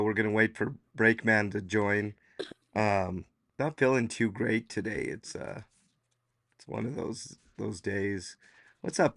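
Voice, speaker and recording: Hosting a casual livestream podcast, this man has a low, gravelly voice that sounds hoarse, as though it's giving out, though the tone is fairly bright. He rambles loosely and leans on filler words. The recording is dry and close, with no room sound around it.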